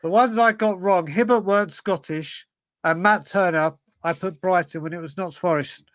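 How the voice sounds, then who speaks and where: A man's voice: sits high, moderate pace, a bit bright, no room sound. A man from England co-hosting a football podcast, blurting quiz answers, muttering to himself and swearing freely. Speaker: podcast co-host. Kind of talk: casual chat while playing a football quiz.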